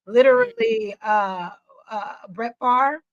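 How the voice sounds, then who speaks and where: A woman speaking as a guest in casual chat, hesitant and measured, often restarting her sentences. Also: on the high side, wildly swooping pitch, highs cut off.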